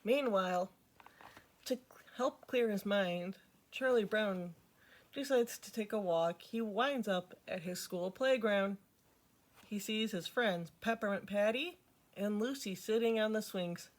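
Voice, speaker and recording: A woman's voice: mid-range voice, takes it slowly. A woman reading a picture book aloud to children as a storytime host, with chatty asides to her listeners.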